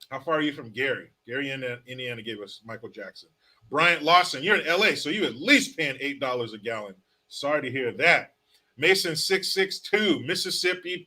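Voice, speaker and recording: A man with a bright, cutting voice that sits a bit high for a man hosts a loose live stream. He reads off viewer names and hometowns and tosses out quick sarcastic jokes in an easy, casual way. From California. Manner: joking, sarcastic, reads chat names aloud. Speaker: live-stream host reading viewer comments.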